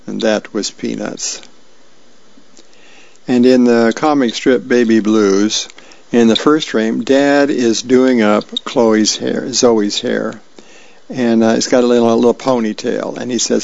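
A man reading the paper aloud for a radio reading service, plain and friendly with small stumbles. His voice has a heavy gravelly crackle. The recording is dry and a little muffled. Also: medium pitch, fairly even intonation, moderate pace, a little mellow, no room sound. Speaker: volunteer reader. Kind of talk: reading newspaper comics and birthdays aloud.

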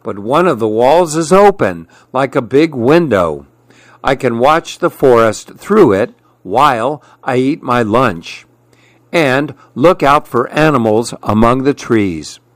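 Brief: male storyteller for a children's book, unhurried and very lively in pitch, dry close sound. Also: no room sound. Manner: slow, expressive read-aloud.

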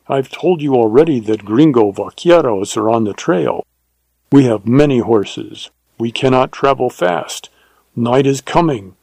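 A man playing a wary one-eyed bandit who urges a quick kill, in a read-aloud western. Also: medium pitch, vocal fry, dark tone, breathy edge, no echo, heavily acted. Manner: protesting, urgent.

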